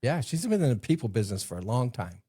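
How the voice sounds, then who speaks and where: A man co-hosting a podcast, telling jokes in a casual, animated way and laughing at his own punchlines. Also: mid-range voice, quick pace, breathy edge, no room sound, clean studio sound. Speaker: podcast co-host.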